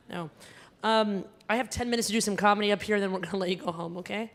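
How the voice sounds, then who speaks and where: A woman's voice: medium pitch, fast talker. A woman emcee doing stand-up comedy at a gala, chatty and teasing the audience, with a Connecticut-like American accent, on a stage mic in a large hall. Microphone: handheld stage mic.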